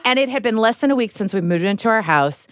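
A woman in her thirties hosting a casual chat, an animated storyteller who acts out the voices in her quotes. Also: fairly high pitch, fast talker, dry recording, studio quality. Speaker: podcast host.

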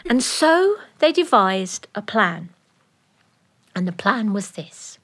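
Animated, playful woman storyteller. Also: medium pitch, slow. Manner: animated, playful, laughing asides. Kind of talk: live oral storytelling. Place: recording studio.

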